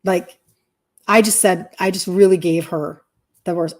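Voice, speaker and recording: A woman's voice: fairly low pitch, fairly even intonation, unhurried, a little mellow. A woman in her fifties, a health coach talking bluntly and emphatically to her audience on a live stream. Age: 50s.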